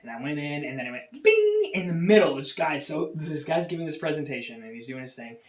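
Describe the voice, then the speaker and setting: A man's voice: fairly high pitch, sing-song, a little fast. Rambling man, roomy distant sound. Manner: rambling with many fillers and restarts. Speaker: podcast host. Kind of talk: casual storytelling chat.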